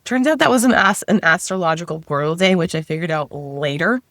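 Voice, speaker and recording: A woman's voice: on the low side, a little fast, fairly bright tone, no echo, studio quality. A middle-aged woman, a guest, telling a personal story in a casual, chatty way, often saying 'like' and voicing her own past thoughts aloud.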